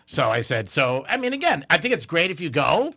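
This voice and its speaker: Animated, bright-voiced male radio host. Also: fairly high pitch, brisk. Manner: animated storyteller, laughs often. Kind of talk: casual radio banter.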